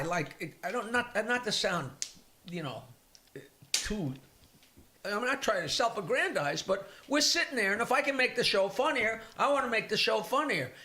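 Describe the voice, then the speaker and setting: Brief: older comic, high bright voice, animated storyteller. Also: male voice. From Long Island, New York. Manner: animated joke-telling storyteller. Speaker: comedian guest. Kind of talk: casual storytelling chat.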